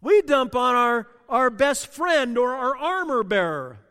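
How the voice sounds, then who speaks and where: High-voiced preaching man in a reverberant hall. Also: very animated, a little slow. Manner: passionate, swings from hushed to loud. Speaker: pastor. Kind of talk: sermon.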